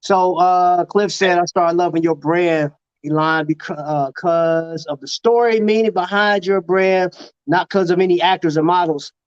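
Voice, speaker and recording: A man from Chicago hosts a casual live-stream talk show and tells lively stories that he breaks up with laughter. His voice sits high for a man. The sound is dry, dull and lo-fi. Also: unhurried, clean tone, dry recording. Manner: animated storyteller, laughs often. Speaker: host.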